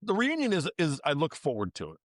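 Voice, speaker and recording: A man's voice: fairly high pitch, huge pitch swings, fast, no echo, studio quality. A man co-hosting a casual podcast chat, telling long rambling stories and acting out what people said. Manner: rambling storyteller, acts out quotes. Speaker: podcast co-host.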